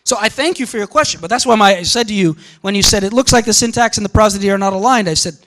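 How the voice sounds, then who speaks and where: A man lecturing a class in an animated way, often quoting example sentences and breaking off mid-thought. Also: high-pitched, fast, few pauses. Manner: animated, quotes example sentences, interrupts himself.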